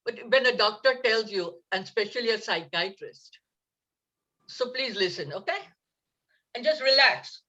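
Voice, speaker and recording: A woman's voice: fairly high pitch, animated, normal speed, long pauses, sharp tone, lo-fi sound. A woman leading a laughter yoga class over a video call, upbeat and coaxing, laughing often as she talks.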